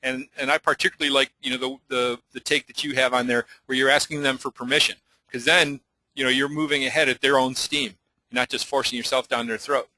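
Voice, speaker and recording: A man hosting a sales webinar, briskly relaying audience questions to his guest. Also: medium pitch, level tone, pushed and bright, no echo, poor audio. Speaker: webinar host. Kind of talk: moderating a webinar.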